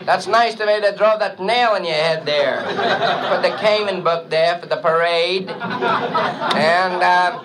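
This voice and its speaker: A man's voice: slow, a crowd in the background, poor audio. A man doing a stand-up impression of a fussy elderly bandleader who speaks in broken English and talks down to everyone. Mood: bossy. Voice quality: broken English, shrill and bossy. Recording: loud noise, audience laughter.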